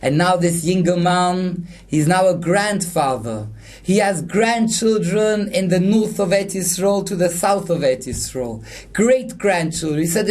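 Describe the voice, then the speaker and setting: A man's voice: high voice, animated, unhurried, a little mellow. A man, a rabbi, giving a sermon with a story, who explains each Hebrew term in plain words in an earnest teaching tone. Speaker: rabbi giving a Torah class.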